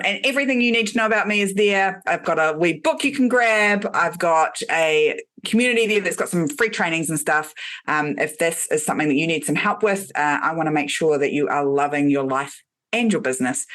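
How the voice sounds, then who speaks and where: A woman's voice: deep voice, brisk, fairly bright tone. A woman with a New Zealand accent, a business coach guest talking in a chatty, friendly way. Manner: chatty, friendly, uses fillers. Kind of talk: casual podcast chat.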